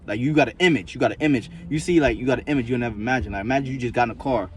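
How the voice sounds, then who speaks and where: A man's voice: medium pitch, rapid-fire, a little hiss or hum. A man vlogging in a casual, rambling monologue, profane and repetitive, full of loose street slang.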